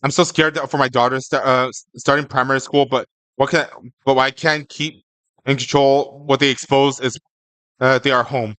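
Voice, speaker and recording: A man's voice: medium pitch, flat delivery, normal speed, a bit bright, no echo. A young man streaming live, chatting casually with his viewers in a rambling, stammering way, often tagging his lines with "okay?".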